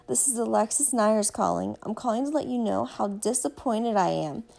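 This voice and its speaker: A woman's voice: fairly high pitch, expressive, normal speed, creaky, a little mellow. A woman doing a young woman's upset voicemail, with stiff, wounded formality. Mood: stiffly wounded.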